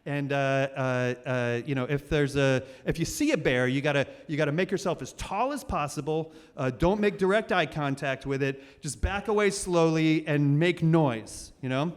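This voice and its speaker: A man's voice: on the high side, moderate pace, hardly any pauses. A man in his forties hosting a live storytelling show, rambling and self-deprecating, with many fillers and restarts. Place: stage of a cultural center hall. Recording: reverberant live hall.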